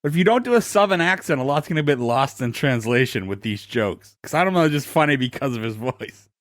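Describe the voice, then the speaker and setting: Man, blunt and teasing, swears, mid-pitched voice, dry sound, casual podcast chat. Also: expressive, brisk, fairly bright tone, dry recording. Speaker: podcast co-host.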